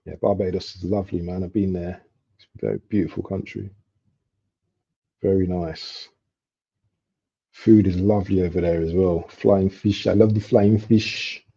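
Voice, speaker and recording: A young man chatting casually while he streams a football match live. He talks in street slang and breaks into excited outbursts at near misses. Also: low voice, normal speed, creaky, pauses often, slightly rough. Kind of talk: casual live commentary chat. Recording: dull lo-fi stream audio.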